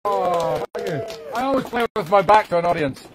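Del Boy, put on by a man, high-voiced market trader. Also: expressive, moderate pace. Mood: salesman patter. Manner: chatty, salesman patter, jokey asides. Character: cheeky cockney market trader, grown man, wheeler-dealer. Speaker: guest host. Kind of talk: live-streamed comic character sketch. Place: outdoor yard sale in a garden. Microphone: phone. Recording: distorted phone audio, crowd outdoors.

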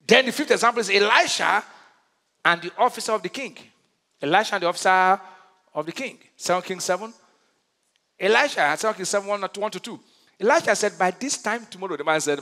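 High, bright-voiced preacher in an echoing hall. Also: male voice, animated, fast. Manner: emphatic preaching with call-and-response questions. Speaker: pastor. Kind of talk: sermon. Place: large church hall. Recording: reverberant church hall.

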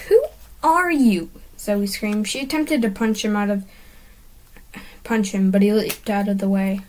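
A woman's voice: mid-range voice, moderate pace, darkish tone, rough recording. A woman casually reading her own handwritten story aloud, commenting and giggling between sentences.

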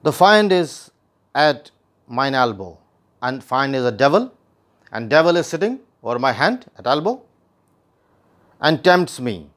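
A man's voice: mid-range voice, very animated, a little slow, pauses often, fairly bright tone. A man teaching a play line by line, reading each passage and then restating it in plain words. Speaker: literature teacher.

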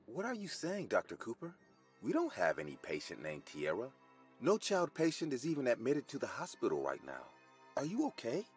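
A man's voice: medium pitch, wildly swooping pitch, normal speed, soft background music, pitched above the performer's own voice. A man doing a puzzled woman receptionist.

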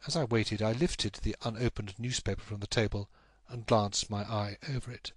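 A man narrating a classic story as a scripted audiobook, with a measured, even storytelling delivery. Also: lowish voice, breathy edge, no echo.

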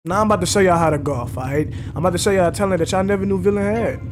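Boastful streamer man, high voice. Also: very fast, background noise. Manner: boastful, playful trash talk; bursts into shouting at game characters. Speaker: gaming streamer. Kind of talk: casual gameplay commentary. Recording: loud game sound behind voice.

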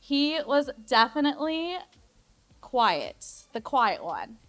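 A young woman speaks as maid of honor at a wedding reception. She talks in a chatty, giggly way and gets emotional as she goes. Her voice sits a bit high for a woman. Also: very animated, slow, fairly bright tone, soft background music. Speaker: maid of honor giving a toast. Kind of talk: wedding toast speech.

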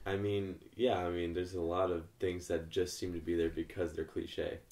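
A man co-hosting a film podcast, speaking quietly and mostly with short agreements. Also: deep voice, flat delivery, normal speed, recorded from a distance. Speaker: podcast co-host. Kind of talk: casual film discussion. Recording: sits farther from the mic.

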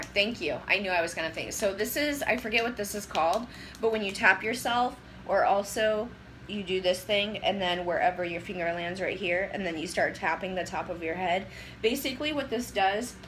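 A woman's voice: medium pitch, a bit bright, slight background noise, low-quality recording. A young woman chatting casually on a phone livestream, rambling and giving advice to viewers. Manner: loose, rambling and getting sidetracked. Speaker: livestream host. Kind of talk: casual live-stream chat. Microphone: phone camera.

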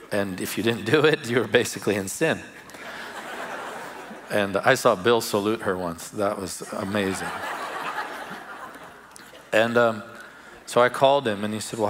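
During a church service, a male pastor shares personal stories in a warm, conversational sermon, laughing now and then. His fairly low voice has vocal fry, and there is a little hiss or hum in the background.

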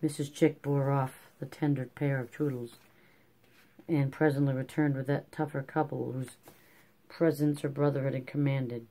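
An audiobook narrator reading a classic novel in a measured, even manner. The voice is mellow and warm, at a middling pitch.

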